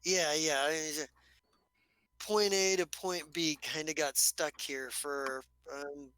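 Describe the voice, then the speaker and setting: A man voicing a wary male outlaw hiding out, who talks in halting, rambling bursts and swears freely. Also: fairly high pitch, fairly even intonation, bright, forceful tone, clean tone, no echo. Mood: guarded.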